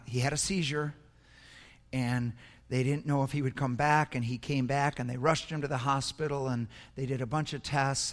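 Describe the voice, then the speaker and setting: An older man preaching a sermon, telling a personal story in an earnest, emotional way with frequent repetitions. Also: mid-range voice. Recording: echoey hall.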